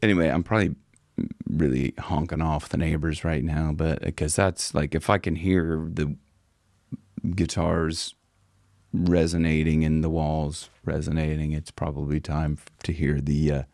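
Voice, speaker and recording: A male vocal coach chatting casually through a singing lesson at home, self-mocking between high, yawning demonstrations. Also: level tone, measured pace, darkish tone, dry recording, studio quality. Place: home room with guitars.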